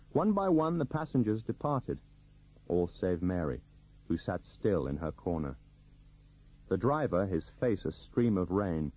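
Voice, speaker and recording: A man reading a novel aloud as an audiobook narrator, in scripted narration with a lively, varied delivery. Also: low voice, slightly rough. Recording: dull lo-fi recording.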